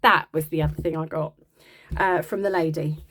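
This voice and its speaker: A woman's voice: deep voice, steady tone, moderate pace, fairly bright tone. A woman chatting casually and rambling a little as she shows off her craft supply haul. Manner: chatty, rambling, self-deprecating. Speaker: crafting vlogger. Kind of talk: casual show-and-tell chat.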